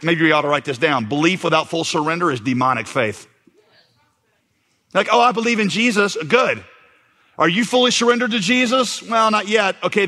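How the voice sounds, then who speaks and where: A bright, forceful male pastor delivering a sermon, his voice sitting a little high for a man. He presses his points hard and climbs to shouts at the peaks. A long hall reverb trails every phrase. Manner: emphatic preaching, rising to shouts on key points.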